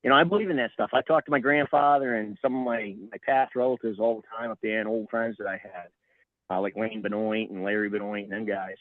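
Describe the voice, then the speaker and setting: A middle-aged man, a podcast guest, telling a story in a lively way and acting out what people said. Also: on the low side, quick pace, no room sound. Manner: animated, acts out quoted voices. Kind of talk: casual storytelling. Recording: tinny phone-like line, dry.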